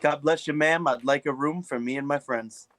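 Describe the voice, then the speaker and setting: Guy doing a loud preachy holy man, kinda high voice. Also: moderate pace, natural voice. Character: pious, self-assured holy man.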